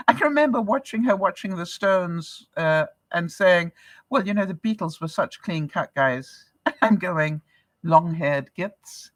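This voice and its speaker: A woman's voice: fairly low pitch, no room sound. An older woman from Canada, a vlogger chatting casually with her viewers, laughing often and asking rhetorical questions. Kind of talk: casual livestream chat.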